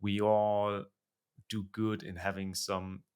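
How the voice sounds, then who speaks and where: A man hosting a podcast interview in a relaxed conversational style, pausing and searching for the right words. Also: on the low side, smooth. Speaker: podcast host.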